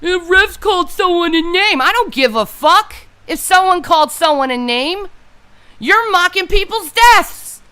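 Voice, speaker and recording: A woman's voice: very high voice, normal speed, few pauses, pushed and bright. A grieving woman delivering a furious, profane livestream rant. She often repeats her points and sounds close to tears. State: grieving and upset. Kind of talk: angry unscripted livestream rant.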